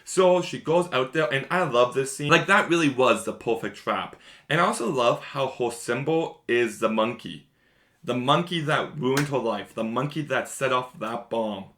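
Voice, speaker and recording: A man's voice: medium pitch, moderate pace, pushed and bright. A man giving a casual, rambling spoiler review of a show, enthusiastic and repeating himself often.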